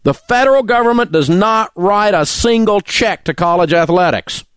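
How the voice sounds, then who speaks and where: A middle-aged man with a drawl rants furiously into a studio microphone. His voice sits high and swings wildly between low growls and shouted peaks. The sound is close and dry. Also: animated, moderate pace, clear, resonant tone, dry recording. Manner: angry, indignant, name-calling rant. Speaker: radio talk show host. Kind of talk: ranting talk radio monologue.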